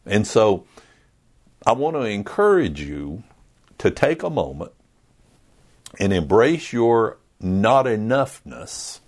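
A man's voice: fairly low pitch, big pitch swings, slow, pauses often. A man preaching a sermon in an earnest, conversational way, acting out little asides. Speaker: pastor.

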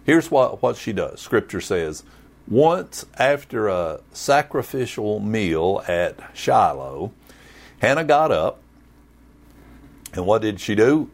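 A man's voice: on the low side, sing-song, slow pace, creaky. A man preaching a sermon, telling the story with humor and folksy sayings. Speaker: pastor.

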